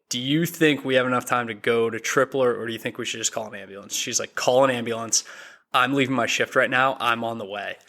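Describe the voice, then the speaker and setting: A young man, a podcast guest, telling a story in a casual, animated way and acting out the quoted dialogue. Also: medium pitch.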